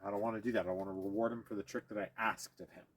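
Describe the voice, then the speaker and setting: A man with a fairly low, fairly even voice races through a hands-on dog training demonstration. He explains each step to viewers as he works with the dog, breaking off now and then to praise or coax it.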